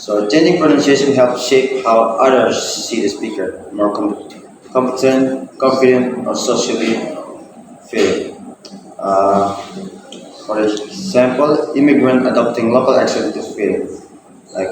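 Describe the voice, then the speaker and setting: A man's voice: medium pitch, unhurried. A young man giving a class presentation, reading out points with frequent hesitations. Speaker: student presenter. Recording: echoey room with background noise.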